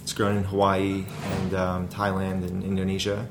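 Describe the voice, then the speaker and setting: Rambling low-voiced man, full of fillers. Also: completely flat delivery, moderate pace, noisy background. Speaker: food company founder. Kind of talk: casual interview talk.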